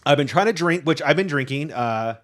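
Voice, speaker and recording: Animated stammering male podcast host. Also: a little high, brisk. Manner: rambling, stammering, laughs often. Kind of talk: casual game chat.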